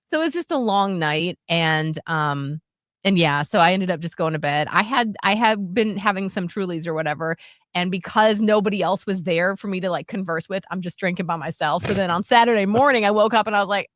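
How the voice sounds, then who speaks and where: A woman's voice: on the low side, brisk, no room sound, clean studio sound. A woman in her thirties co-hosting a radio show, telling a story in a chatty, self-mocking way. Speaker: radio co-host. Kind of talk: casual storytelling chat. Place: radio studio.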